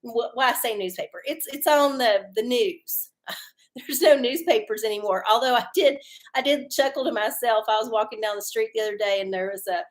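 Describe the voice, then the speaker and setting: A woman with a drawl talks casually to her live-stream audience, rambling from one story to the next. Her voice sits high, and her chat is folksy, loose and sprinkled with swearing and laughter. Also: normal speed. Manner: chatty, folksy, swears freely and laughs often. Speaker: livestream host doing oracle readings.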